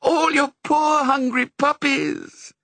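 A man voicing a young, hysterical female red setter dog in a storybook, high-pitched and wailing. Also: very animated, slow, creaky, sharp tone, no room sound, full character voice.

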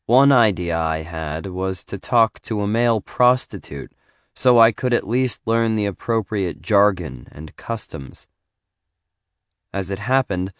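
A man reading a first-person memoir in a measured, reflective and wry way. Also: sits low, no echo, studio quality. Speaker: narrator.

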